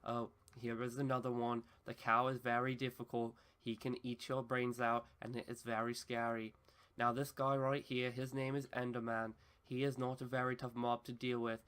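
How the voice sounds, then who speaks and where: A man voicing a male wilderness survival show host in a put-on Australian accent, with a stiff, formal, deadpan delivery in a comedy skit. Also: mid-range voice, normal speed, clear, resonant tone, lightly acted. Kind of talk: comedy skit narration over gameplay.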